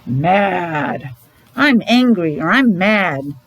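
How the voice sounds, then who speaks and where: A woman's voice: medium pitch, lively intonation, moderate pace, poor audio. A woman teacher leading a morning meeting for young children, talking in an exaggerated, encouraging sing-song.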